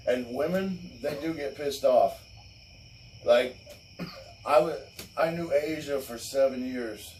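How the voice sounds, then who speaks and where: A man hosting a loose late-night chat, ranting bluntly and cursing freely. His voice sits at an ordinary pitch. He is a little far from the mic, with faint crickets behind. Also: slow pace, pauses often, a little mellow, slight background noise. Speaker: show host. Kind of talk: casual crude podcast chat.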